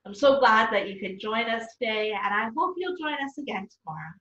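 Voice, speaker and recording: Woman reading a kids' story, gentle, lively, dull echoey audio from far off. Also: on the high side, a little fast. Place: church.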